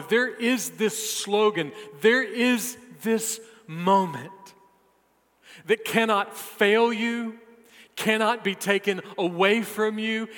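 A man preaching a sermon, emphatic and repetitive, swinging between loud declarations and hushed, deliberate words. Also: sits high. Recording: long hall reverb.

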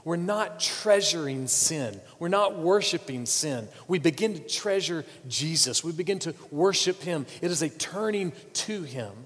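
A slightly high-voiced man preaching a sermon, pressing hard one moment and dropping to a near hush the next, often repeating words. His voice trails off into the long reverb of a church hall. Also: animated, measured pace, hardly any pauses. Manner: dramatic swings from loud urging to hushed pleading, repeats words. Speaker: pastor.

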